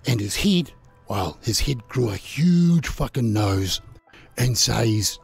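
A man telling a crude, mocking fairy tale, playful and unhurried, with chuckles between lines. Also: medium pitch, lively intonation, gravelly, darkish tone, slightly rough, soft background music. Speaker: storyteller and channel host. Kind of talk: crude comic storytelling.

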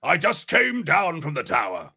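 A man reading a curt young female dragon keeper in his own voice, brisk and dismissive. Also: a little high, wildly swooping pitch, creaky, sharp tone, slightly rough, heavily acted.

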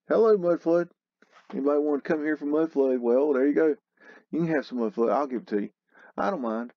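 A man hosting a casual photo tour, slowly musing and exclaiming at what he sees. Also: mid-range voice, no echo, dull audio. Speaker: host narrating a photo tour. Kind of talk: casual commentary over photos.

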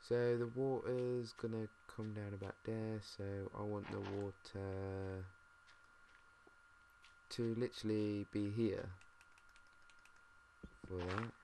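A British man mumbling and thinking out loud, swearing now and then as he plays a game. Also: fairly low pitch, little pitch movement, slow pace, vocal fry, long pauses. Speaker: gamer. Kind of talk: casual let's-play commentary. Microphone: desk mic. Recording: noisy home mic with mouse clicks.

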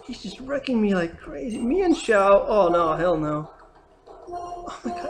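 A young gamer giving live commentary on a challenge run at home, dropping from low muttering to loud cursing outbursts. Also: sing-song, unhurried. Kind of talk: live let's-play commentary. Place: home room. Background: faint noise, dogs at times.

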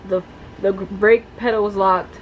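A young woman telling a story in a casual vlog, chatty and animated, with lots of fillers. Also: medium pitch, moderate pace, low-quality recording. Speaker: vlogger. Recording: faint background noise.

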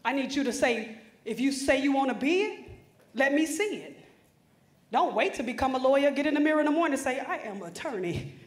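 A woman gives a motivational conference speech in a high, ringing voice. She is emphatic and preacherly and talks straight to a room of students. Her voice echoes through a large hall. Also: lively intonation, brisk. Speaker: motivational speaker.

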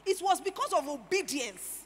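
A middle-aged Nigerian woman pastor preaching a sermon, animated and full of rhetorical questions. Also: very high voice, moderate pace. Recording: reverberant hall with faint noise.

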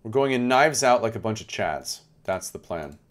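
A man's voice: on the low side, moderate pace, a little hiss or hum. A young man giving chatty live game commentary, talking to his chat as he plays. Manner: chatty, animated, talks to chat. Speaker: streamer.

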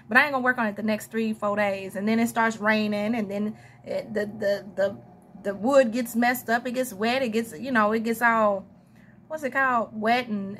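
A woman's voice: a little high, a bit bright, a little hiss or hum. A young adult woman with a Southern US accent, chatting her way through a tarot reading in a rambling, casual monologue full of asides and laughs. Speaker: tarot reader.

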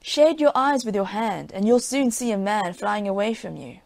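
A woman's voice: mid-range voice, normal speed, no echo, natural voice. A woman doing a sly old soldier trickster. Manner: sly, smooth-talking.

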